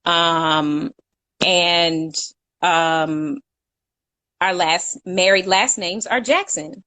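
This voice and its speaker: A woman's voice: on the low side, extremely slow, pushed and bright, no room sound. A young woman co-hosting a casual live chat, talkative and laughing, reading out viewer comments. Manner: chatty, laughs often, reads out viewer comments. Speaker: co-host.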